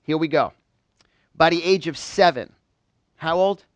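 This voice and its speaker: A man's voice: on the high side, a little slow, no room sound, lo-fi sound. A man from New York giving a live motivational seminar, quizzing a small audience in call-and-response. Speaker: motivational speaker.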